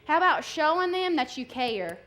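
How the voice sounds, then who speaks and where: A young woman preaching, her voice sitting a little high. She speaks candidly and conversationally, building passion as she urges her listeners. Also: sing-song, normal speed, a bit bright. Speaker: guest speaker. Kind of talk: sermon.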